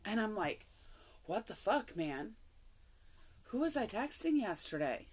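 Animated foul-mouthed woman telling stories. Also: mid-range voice, a little slow, slightly rough. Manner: animated, profane, laughs often. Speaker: podcast co-host. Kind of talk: casual podcast storytelling.

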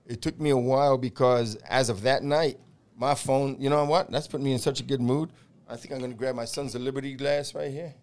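Middle-aged American man, podcast host, lively storyteller who acts out every quote and swears freely. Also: mid-range voice, fairly quick. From United States. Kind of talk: casual storytelling chat.

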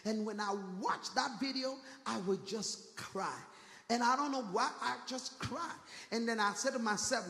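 A man's voice: extremely high pitch, unhurried, vocal fry, pushed and bright. A man preaching a fervent sermon as a pastor, calling out again and again to the congregation in a church hall. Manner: fervent preaching with repeated rhetorical call-outs to the congregation. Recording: echoey church hall with long reverb.

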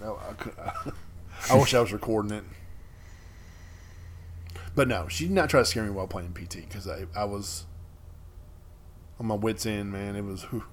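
A man's voice: fairly low pitch, moderate pace, pauses often, slight background noise. A man co-hosting a podcast in casual chat, rambling, trailing off mid-sentence and laughing often. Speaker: podcast co-host.

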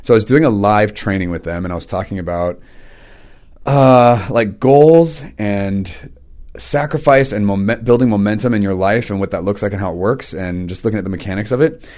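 A man with a fairly low, somewhat dark voice speaks at a moderate pace. He hosts his own podcast and also works as a teacher and preacher, telling stories in a loose, rambling, chatty manner.

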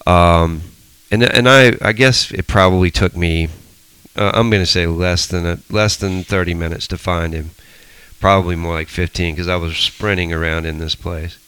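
A man's voice: sits low, steady tone, normal speed, fairly bright tone, clear, resonant tone, no echo, rough recording. A middle-aged man leading a Bible study, telling stories animatedly with frequent restarts. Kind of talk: casual teaching discussion.

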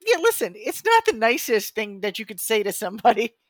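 Animated woman in her fifties, dry sound. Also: on the high side, fairly quick, dry recording. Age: 50s. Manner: animated, acts out quoted thoughts. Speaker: podcast co-host. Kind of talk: casual podcast conversation.

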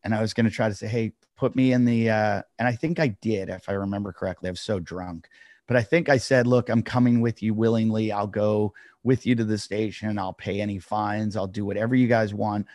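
A man's voice: lowish voice, steady tone, brisk, a little mellow, no room sound, studio quality. A middle-aged man, a comedian, casually telling a long story on a podcast and acting out the quotes.

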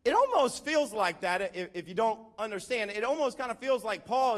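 A male pastor preaching a sermon in a conversational, animated way, calling out questions to his congregation. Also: high-pitched, normal speed, hardly any pauses.

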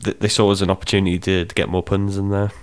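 A man chatting casually in a podcast, rambling and animated. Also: low voice, fast, smooth. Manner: rambling, animated, puts on silly voices. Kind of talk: casual chat.

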